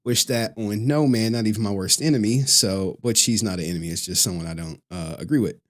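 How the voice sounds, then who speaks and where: A man's voice: lowish voice, brisk. A man chatting casually on a live stream, loose and profane, laughing often and reading out chat messages.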